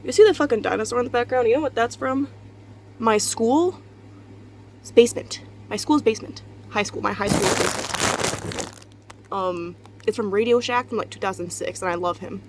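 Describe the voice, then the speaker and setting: Her voice runs on the high side and fairly quick as this young woman, still tired from just getting up, vlogs from her bedroom at home. She rambles candidly and confessionally, swearing and laughing a lot, against some background noise.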